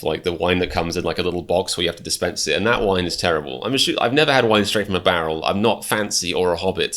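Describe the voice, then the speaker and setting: A man's voice: low-pitched, a bit bright. A British man hosting a reaction video, rambling through self-mocking rants with many restarts. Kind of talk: casual reaction commentary.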